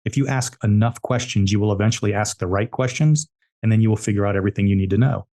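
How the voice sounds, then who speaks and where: A man's voice: fairly low pitch, fast talker, dark tone. A man, an entrepreneur guest on a podcast, telling business stories emphatically and repeating his key points. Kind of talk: storytelling interview answers.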